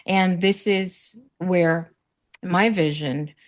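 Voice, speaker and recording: A woman's voice: fairly low pitch, steady tone, drawn-out words. A woman from South Florida on a panel, sharing earnest, faith-filled stories and acting out quoted voices. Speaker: summit panelist. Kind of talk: casual panel conversation.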